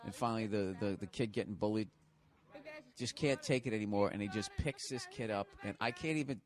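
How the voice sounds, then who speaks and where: A man's voice: fairly low pitch, brisk. A middle-aged man, hosting a podcast in a profane, ranting monologue that breaks into laughter. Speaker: podcast host. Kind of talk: casual monologue.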